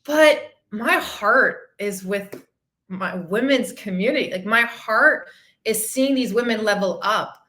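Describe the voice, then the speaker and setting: Bright, effusive woman fitness coach. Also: medium pitch, takes it slowly. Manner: effusive and emotional, swears freely, laughs often. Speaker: fitness coach and podcast host. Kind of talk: casual livestream chat.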